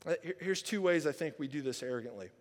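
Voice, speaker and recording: A man delivers a teaching sermon in a slightly high voice, talking with his listeners more than at them. He swings from loud, emphatic passages to quiet, earnest ones and keeps checking in with rhetorical questions. His words carry a long reverb, as in a large hall. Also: lively intonation, fast. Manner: conversational, asks listeners rhetorical questions, repeats "right?". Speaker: pastor.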